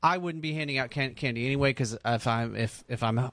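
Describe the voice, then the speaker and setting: A man chats on a podcast, laid-back and drily joking, with plenty of ums. His voice sits at a middling pitch. The sound is dry and close. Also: a little fast, fairly bright tone, dry recording. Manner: laid-back, dry humor, hesitant fillers. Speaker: podcast co-host. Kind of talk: casual chat.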